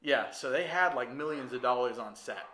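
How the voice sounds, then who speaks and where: A man co-hosting a casual podcast chat about a film, telling scenes with lively energy and acting out the characters' lines. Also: medium pitch, moderate pace. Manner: animated storyteller who acts out scenes. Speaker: podcast co-host. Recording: roomy echo.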